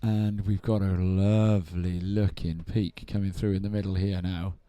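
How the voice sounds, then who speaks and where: Lively low-voiced male surf commentator. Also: moderate pace, no room sound. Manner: chatty, enthusiastic banter with co-host. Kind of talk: live sports commentary.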